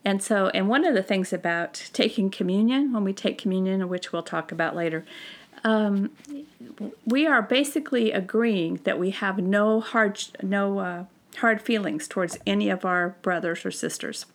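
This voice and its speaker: A woman leads a recorded Bible study lesson in a mid-pitched voice with a gravelly, creaky edge. She explains scripture in a relaxed, conversational way and often pauses with fillers and restarts her sentences. She sounds like a teacher speaking to a study group.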